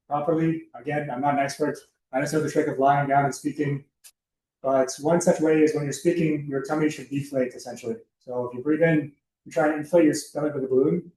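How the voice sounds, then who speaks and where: A man's voice: fairly high pitch, warm tone. A young man giving a casual, chatty presentation to a student club, loose and full of fillers and asides. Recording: echoey room.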